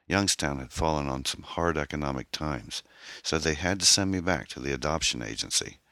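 A man voicing a troubled young woman, an orphan who talks in a hesitant, halting, pained way. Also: very deep voice, pushed and bright, dry recording, clean studio sound, heavily acted. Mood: guarded, pained.

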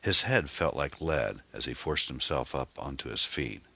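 A man reading a mystery novel aloud as scripted audiobook narration, expressive and steady, on a close microphone. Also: extremely low pitch, moderate pace, dry recording.

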